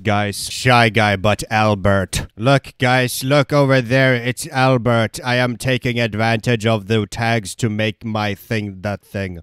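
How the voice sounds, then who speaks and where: A man's voice: mid-range voice, fairly bright tone, smooth, dry recording, studio quality. A young man giving sarcastic, rambling commentary over his own Roblox gameplay as a YouTuber. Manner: sarcastic, rambling, self-mocking.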